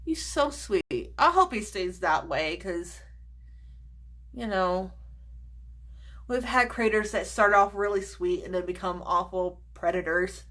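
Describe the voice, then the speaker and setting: A woman's voice: mid-range voice, expressive, slow, a bit bright. A woman chatting casually in a makeup vlog, gushing over products, swearing freely and dropping into whispers. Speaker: beauty vlogger.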